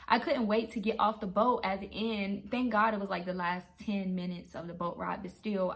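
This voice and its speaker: A woman telling a true travel story in a casual, animated way, acting out her own reactions. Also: mid-range voice, creaky. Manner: animated, excitable retelling. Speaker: travel vlogger.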